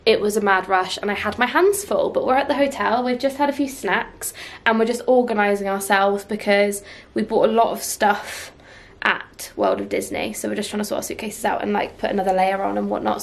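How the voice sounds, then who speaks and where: A young woman in her twenties, chatty and excitable, vlogging her trip to a camera while laughing often. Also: medium pitch. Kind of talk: casual travel vlog. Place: outdoors at a theme park. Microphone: handheld camera, then camera on tripod. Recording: noisy theme park crowd behind.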